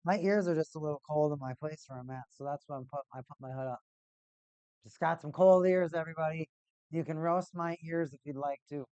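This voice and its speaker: A man's voice: a little high, fairly even intonation, a little fast, a little mellow, smooth, dry recording, dull audio. A man hosting a live-stream hockey watch party, chatting casually in a rambling, laid-back way and often repeating himself. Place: at home, in a cold room.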